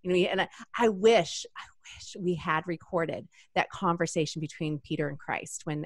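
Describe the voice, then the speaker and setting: A middle-aged woman speaking as a guest on a faith show, lively and laughing often as she acts out quoted voices. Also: fairly low pitch, normal speed, no room sound, studio quality. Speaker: guest author and women's ministry leader. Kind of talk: faith podcast conversation.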